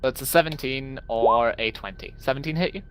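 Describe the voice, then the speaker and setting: A man running a tabletop game as game master, making brisk rules calls and laughing easily with his players. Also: mid-range voice, background noise. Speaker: dungeon master. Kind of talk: casual tabletop game chat.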